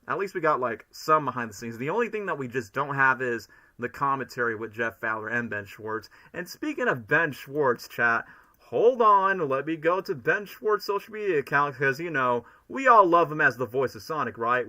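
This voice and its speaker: A young man from Florida chatting casually and excitably to his livestream chat, rambling from one thought to the next. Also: mid-range voice, normal speed. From Florida, United States. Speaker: streamer.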